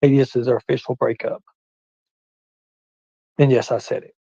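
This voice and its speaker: A man on a livestream calmly airing a grievance, deliberate and repetitive. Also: mid-range voice, gravelly, breathy edge, dry recording. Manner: aggrieved, deliberate, repeats himself. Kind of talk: livestream call-out. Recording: dull lo-fi stream audio.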